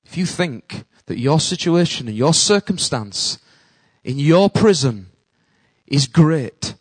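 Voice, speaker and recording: A man preaches with a high, bright voice. His delivery swings from near-whispered hushes to loud, ringing calls. The sound is close and dry, with no room around it. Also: expressive, takes it slowly, breathy edge, no echo, low-quality recording. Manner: preaching with sudden drops to a hush and bursts of loud calls. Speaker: pastor. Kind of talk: sermon.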